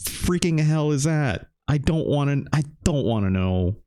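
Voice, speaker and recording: A man in his thirties streaming a retro game, chatting with viewers in a loose, animated way and swearing casually. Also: medium pitch, normal speed, few pauses. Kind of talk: live game stream chat.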